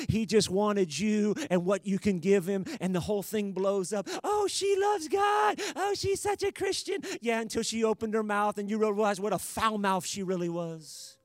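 A man preaching a sermon, emphatic and building to loud exhortation. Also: high-pitched, dry recording, clean studio sound.

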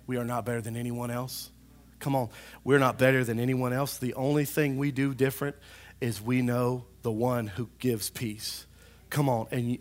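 A man preaching a sermon as pastor to his church, emphatic, with call-and-response asides to the congregation. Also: mid-range voice. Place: church service.

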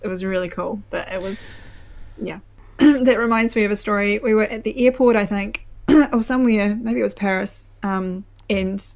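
A woman's voice: mid-range voice, a little mellow. A young woman with a New Zealand accent chats easily, her voice sitting in a middle register. She drifts through stories with plenty of ums and restarts and laughs often. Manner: chatty, laughs often, many fillers and restarts. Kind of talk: casual chat.

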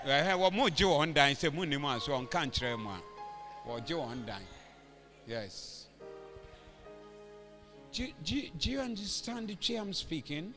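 Ghanaian male preacher, high and very bright, preaching in a reverberant hall with music playing underneath. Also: very animated, unhurried, pauses often. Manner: switches languages, call-and-response, rising to shouted exhortation. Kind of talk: convention sermon. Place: large church hall. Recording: echoey hall with music behind.

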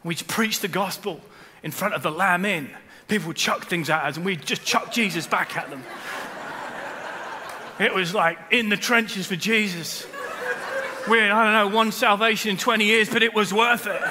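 A man, preaching a sermon and telling stories with loud bursts and hushed asides. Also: high-pitched, moderate pace, in a large hall, noisy background. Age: 40s. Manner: animated storytelling, swings between loud bursts and hushed asides. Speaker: pastor. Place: large church hall.

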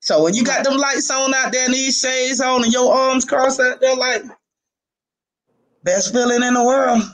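A middle-aged man from Miami, a youth football coach, telling animated stories in a casual interview and laughing often. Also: extremely high pitch, moderate pace.

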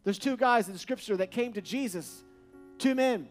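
A man preaching a sermon, repeating short refrains and building to loud, emphatic peaks. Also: sits high, moderate pace. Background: soft guitar music.

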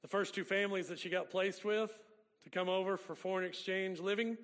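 Pastor preaching in a reverberant church. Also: male voice, high voice, steady tone, brisk, fairly bright tone. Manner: folksy storytelling preacher. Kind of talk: sermon. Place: church sanctuary. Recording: long reverb of a church hall.

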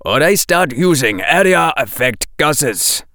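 A man voicing an exhausted, gruff veteran wizard officer who growls out his orders, as in an audiobook. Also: medium pitch, sing-song, takes it slowly, a bit bright, no echo, clean studio sound. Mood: commanding. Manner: growling, commanding. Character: gruff veteran wizard cop, weary and hard. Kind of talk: audiobook character voice.

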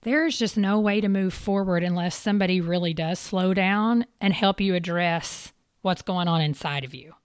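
A woman's voice: on the low side, moderate pace, few pauses, clean tone, dry recording, clean studio sound. A woman hosting a parenting interview, talking in a reflective, agreeing way and relating points to her own life. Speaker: podcast host. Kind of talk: conversational interview.

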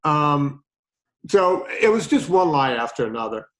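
A man with a slightly high-pitched voice hosts a podcast and spins a long personal story. His telling is casual and animated, and he keeps slipping into retold back-and-forth conversations. The pace stays easy and chatty. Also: unhurried, low-quality recording. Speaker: podcast host.

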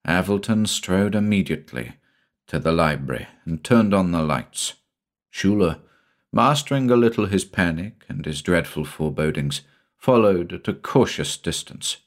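Deep-voiced man narrating a horror tale. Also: normal speed. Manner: dramatic, expressive storytelling. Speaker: audiobook narrator. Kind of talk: scripted narration.

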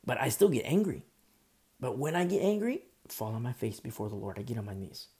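A man's voice: medium pitch, sing-song, brisk, darkish tone. A man preaching a sermon in an impassioned way, repeating himself, restarting phrases and making asides to the congregation.

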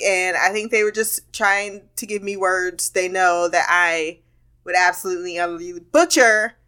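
A woman's voice: medium pitch, fairly bright tone. A woman hosting a podcast, telling a rambling, candid story in a casual monologue with frequent laughter and swearing. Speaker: podcast host.

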